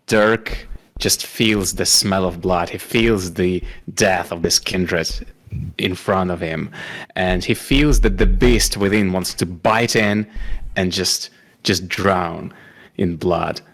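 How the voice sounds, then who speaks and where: A man's voice: sits low, slow, fairly bright tone, poor audio. A male player thoughtfully describing what his character feels, with hesitations. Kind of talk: tabletop role-play.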